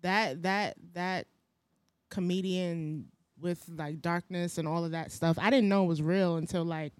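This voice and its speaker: A woman comedian with Jamaican parents, chatting casually on a podcast in a playful, animated way. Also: on the low side, measured pace, dry recording. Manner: animated, laughs often, playful. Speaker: comedian and content creator.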